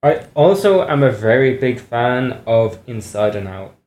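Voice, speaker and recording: Radio co-host, dry humor; middle pitch, roomy echo. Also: animated, measured pace, a little mellow. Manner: dry, joking. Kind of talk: casual radio banter.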